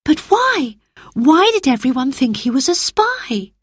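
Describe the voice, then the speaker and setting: A woman reading a storybook, voicing an anxious young girl who pleads in a high, breathy voice. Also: sing-song, measured pace, no room sound, clean studio sound. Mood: pleading.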